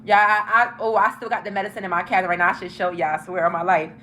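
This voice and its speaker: Young woman spilling a story to her viewers, bright voice, lots of swearing, bit of hiss behind. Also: mid-range voice, rapid-fire. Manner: animated, profane, talks straight to viewers. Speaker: vlogger telling a story. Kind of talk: casual storytime.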